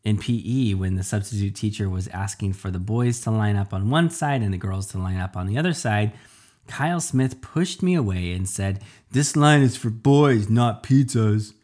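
A man narrating a comic first-person story in a deadpan, self-deprecating way, now and then stammering. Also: on the low side, moderate pace.

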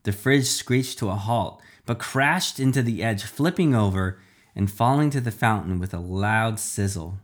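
A man narrating a playful, animated first-person adventure story. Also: lowish voice, measured pace.

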